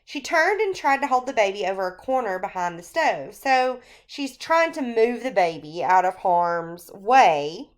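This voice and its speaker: A woman teacher recording a screencast lecture on a short story, talking through it in an unhurried, explanatory way with frequent fillers. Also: mid-range voice, big pitch swings.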